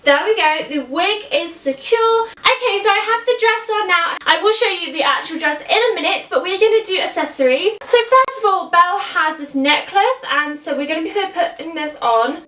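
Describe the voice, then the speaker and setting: A woman's voice: extremely high pitch, lively intonation, moderate pace, few pauses, fairly bright tone. A woman giving a chatty, upbeat makeup and costume tutorial, explaining step by step. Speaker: costume character performer. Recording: echoey room, mic at a distance.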